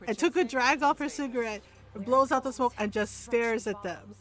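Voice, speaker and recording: A woman's voice: a little high, moderate pace, fairly bright tone. A woman streamer telling a family story in a casual way on her live stream, laughing often and asking "right?" after her lines. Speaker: gaming streamer.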